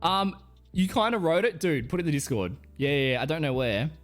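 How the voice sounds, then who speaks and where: A man's voice: a little high, expressive, brisk, faint music behind. A young Australian man streaming live, rambling through casual stories with plenty of swearing. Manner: rambling, profane storytelling. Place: home streaming setup.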